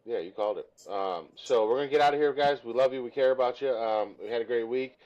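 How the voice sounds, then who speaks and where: A man co-hosting a podcast, chatting casually in an animated, rambling, self-deprecating way. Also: medium pitch, fast talker, dull audio. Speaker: podcast co-host. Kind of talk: casual chat.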